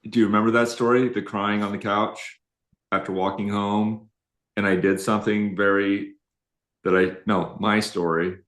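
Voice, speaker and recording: A middle-aged man co-hosting a live relationship talk, telling a story in an animated, self-deprecating way. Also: fairly low pitch, normal speed. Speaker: relationship coach co-host. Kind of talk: live-streamed conversational talk. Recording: roomy echo.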